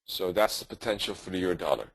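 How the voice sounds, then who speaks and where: In a live webinar on trading, a low-voiced man explains charts at a quick clip, musing aloud with filler words and frequent self-corrections. His tone is slightly rough, and the audio, though echo-free, is rough.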